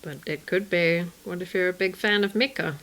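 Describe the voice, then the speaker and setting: A woman's voice: fairly low pitch, moderate pace, fairly bright tone. A woman co-hosting a podcast, giving casual watch-along commentary with wry, joking asides. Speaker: podcast co-host.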